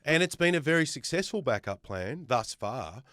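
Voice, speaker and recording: Aussie guy guest hosting a podcast, emphatic, rattles off lists, smooth clear voice, dry close mic. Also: medium pitch, very animated, moderate pace, a bit bright, no room sound. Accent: Australian. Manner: emphatic, builds points with lists. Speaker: guest host. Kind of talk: casual podcast chat.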